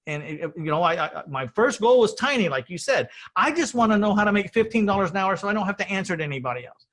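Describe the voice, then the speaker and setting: A man's voice: high voice, very animated, quick pace, fairly bright tone. Rambling, earnest middle-aged male host. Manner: rambling, repeats words, earnest and self-deprecating. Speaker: podcast host. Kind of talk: casual storytelling interview.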